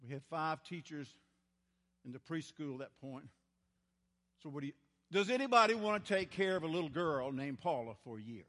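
Older preacher guy, high voice, slow and folksy, big church echo. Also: big pitch swings. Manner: storytelling, folksy, dramatic swings in loudness. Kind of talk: sermon. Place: large church. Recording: church hall with long reverb.

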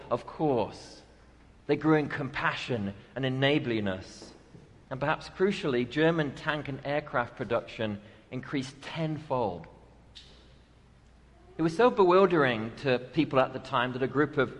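Male pastor, sermon, dry humor, long church reverb, mid-pitched voice. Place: church sanctuary.

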